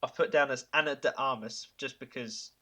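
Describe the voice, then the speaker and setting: A man hosting a podcast, pitching ideas in casual chat, enthusiastic and chuckling, with halting fillers. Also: pushed and bright. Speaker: podcast host.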